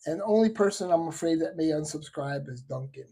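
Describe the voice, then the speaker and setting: A man's voice: a little high, animated, brisk, mellow, slightly rough. A man hosting a shaving livestream, chatting casually and rambling, with lots of restarts and asides. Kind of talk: casual live chat.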